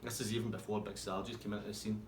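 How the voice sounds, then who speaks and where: A man telling a rambling, swearing pub anecdote in a casual, animated way. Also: lowish voice, fast talker, slight background noise. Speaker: storyteller. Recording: roomy with faint ambience.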